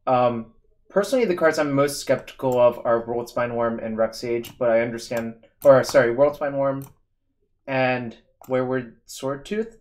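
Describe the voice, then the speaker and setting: A man hosts a live card-game stream and talks through his choices as he makes them. He sounds casual and analytical, with a voice of ordinary middle pitch. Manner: analytical, thinking aloud. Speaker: streamer host. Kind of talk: casual gaming commentary.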